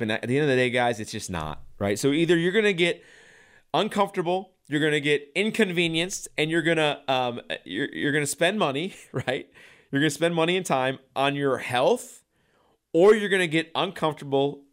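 A man who works as a chiropractor, giving an energetic health talk with many repeated words and restarts, often checking in with "right?". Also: fairly high pitch. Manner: energetic, keeps asking "right?"; repeats himself, frequent restarts.

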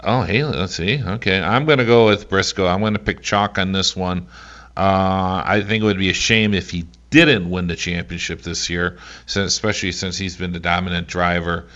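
A man's voice: low voice, steady tone, normal speed, a bit bright, muffled recording. A man hosting a sports radio show, talking casually with many fillers.

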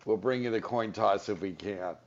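Jokey sports radio host. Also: male voice, on the low side, creaky. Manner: jokey, rambling, quick to laugh. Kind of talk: casual sports radio talk. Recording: slightly dull radio broadcast audio.

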